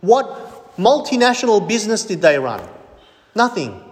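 A man's voice: high voice, very animated, unhurried, long reverb tail. A man preaching a sermon as pastor, emphatic, stressing points in lists.

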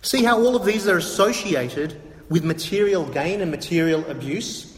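A man's voice: sits high, expressive, normal speed. A man preaching a sermon to a congregation, emphatic and repetitive, asking rhetorical questions. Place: church hall. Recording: echoey hall from a distance.

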